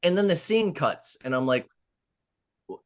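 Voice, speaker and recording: Profane, animated man chatting about a film. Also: a little high, moderate pace. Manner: animated, profane storytelling with acted-out quotes. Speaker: podcast co-host. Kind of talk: casual film discussion.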